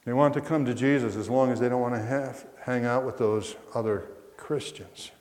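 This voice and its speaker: A male pastor giving an Easter sermon, emphatic, swinging from quiet to loud. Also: mid-range voice, steady tone, normal speed. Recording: echoey hall reverb.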